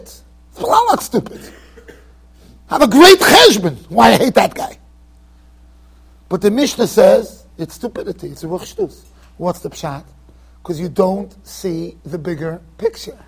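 Animated husky-voiced rabbi with Yeshivish accent. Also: male voice, very high-pitched. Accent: American Orthodox Jewish, Yeshivish. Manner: animated, acts out examples with sudden shouts. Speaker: rabbi giving a Torah class. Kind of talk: yeshiva lecture. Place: study hall in a yeshiva.

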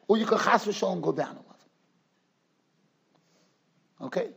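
High, lively-voiced rabbi lecturing. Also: male voice, moderate pace, gravelly, long pauses, husky. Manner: animated, repeats words for emphasis. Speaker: rabbi giving a Torah class. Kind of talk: Torah lecture with storytelling. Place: yeshiva study hall.

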